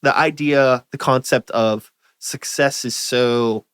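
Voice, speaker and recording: A man's voice: medium pitch, fairly even intonation, slow, fairly bright tone, clean tone, dry recording. A man with a Pittsburgh accent hosting a podcast, talking things over in a reflective, rambling way. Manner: reflective, rambling, heavy use of like. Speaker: podcast host. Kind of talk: casual interview chat. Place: podcast studio.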